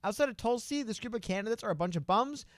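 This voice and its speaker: A high-pitched man co-hosts a casual political chat with a lot of lively swing in his voice. He talks in an animated, rambling way and often leaves sentences unfinished. His tone is smooth and resonant, recorded dry and close. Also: fast talker, no echo. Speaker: co-host.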